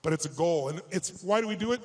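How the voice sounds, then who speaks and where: On stage before a live audience, a man with a fairly high voice gives a motivational speech, telling a personal story expressively and at a quick pace. He often shifts between hushed, quiet passages and louder, stronger ones, and the audio is poor.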